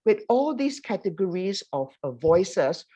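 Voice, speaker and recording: A woman's voice: mid-range voice, very animated, normal speed, dark tone. An older woman, recalling her dubbing days in a reminiscing, list-like way. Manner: reminiscing, listing. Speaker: panelist, former dubbing actor. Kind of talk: reminiscing panel talk.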